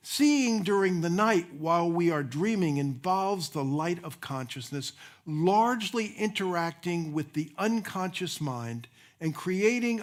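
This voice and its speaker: A man's voice: high-pitched, fairly bright tone. An older man, a minister, giving a sermon in a folksy, storytelling way, chuckling at his own anecdotes. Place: church sanctuary.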